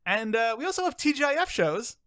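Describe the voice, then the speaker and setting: A man's voice: very high-pitched, very animated, a little fast, fairly bright tone, smooth, dry recording, clean studio sound. A man in his twenties hosting a casual podcast, joking and self-deprecating. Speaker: podcast host.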